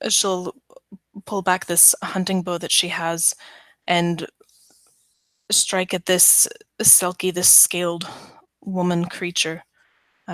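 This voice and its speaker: Female player, slow and hesitant, lowish voice. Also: fairly bright tone, no echo. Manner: hesitant, with fillers. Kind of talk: tabletop game play.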